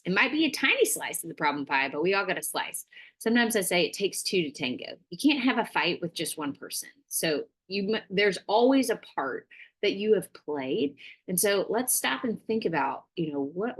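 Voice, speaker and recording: A woman giving a casual parenting workshop, chatty and full of fillers, acting out little dialogues. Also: medium pitch.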